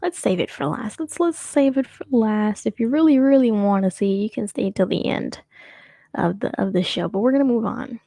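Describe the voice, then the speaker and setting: This young adult from the United States hosts a show, keeping it loose with rambling, self-deprecating jokes and plenty of laughter. She speaks a bit high and at normal speed, with vocal fry and a dark tone, in a dry recording.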